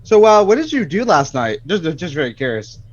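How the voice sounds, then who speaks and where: A man's voice: medium pitch, animated, takes it slowly, a little mellow, highs cut off. A man playing an anxious husband and father in a tabletop role-play, probing and earnest with a shaky edge. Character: anxious husband and father confronting his wife.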